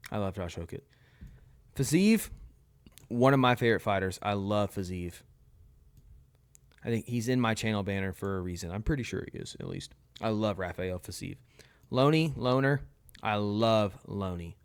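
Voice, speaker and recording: A man's voice: lowish voice, clear, resonant tone. A young man giving blunt, opinionated verdicts in a casual commentary on his own channel. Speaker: tier list video host.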